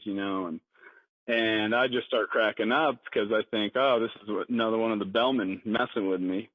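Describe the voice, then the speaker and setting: A man who works as a hotel cook tells a long story on a podcast. He talks in a lively way, acts out other people's lines and laughs often. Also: on the low side, normal speed, dry recording. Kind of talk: casual storytelling. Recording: dry, muffled podcast recording.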